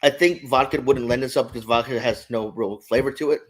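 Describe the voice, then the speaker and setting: Laid-back man as a podcast co-host, short remarks in casual chat. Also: a little fast. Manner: brief interjections, low-key.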